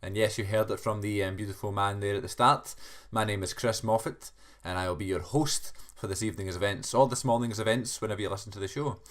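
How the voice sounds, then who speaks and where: Lowish-voiced rambling podcast host. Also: male voice, fairly even intonation, quick pace, few pauses. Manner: chatty and rambling, self-deprecating with restarts. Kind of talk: solo podcast cold open.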